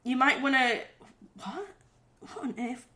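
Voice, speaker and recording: Bright playful woman reading aloud. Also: sits high, a little slow. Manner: playful, reads out and laughs a lot. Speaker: podcast co-host. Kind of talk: casual chat, reading aloud.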